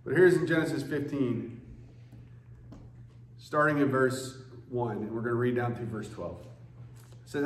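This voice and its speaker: A man's voice: mid-range voice, steady tone, unhurried, long pauses. A man preaching a sermon as pastor, in an earnest, conversational way. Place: church sanctuary. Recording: echoey church room with faint noise.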